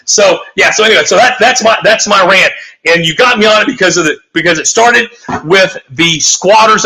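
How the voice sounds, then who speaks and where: A man's voice: high-pitched, moderate pace, bright, forceful tone, poor audio. A man on a talk show giving a heated, profane, rambling rant, full of emphatic restarts. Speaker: guest.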